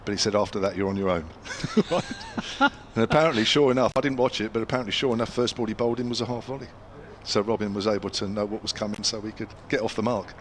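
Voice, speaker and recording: A man's voice: fairly low pitch, fast talker, a little hiss or hum. An older English man commentating on cricket ball by ball, a former county player telling anecdotes between deliveries with a chatty storyteller's manner.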